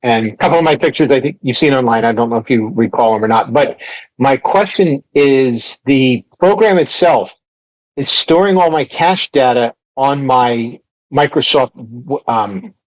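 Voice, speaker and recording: A man's voice: medium pitch, animated, normal speed, dry recording. A man attending a workshop, asking a hesitant, rambling question over a video call. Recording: dry, muffled call audio.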